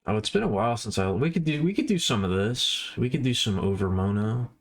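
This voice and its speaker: A man's voice: lowish voice, expressive, fairly quick. Man, livestreamer, casual rambling chatter, self-deprecating, perks up when pointing things out.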